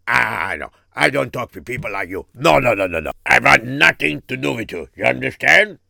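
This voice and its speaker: A man's voice: medium pitch, sing-song, normal speed, gravelly, pushed and bright, no room sound, clean studio sound, full character voice. A man voicing an indignant male customer who was cheated and scolds the seller. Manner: scolding, dismissive.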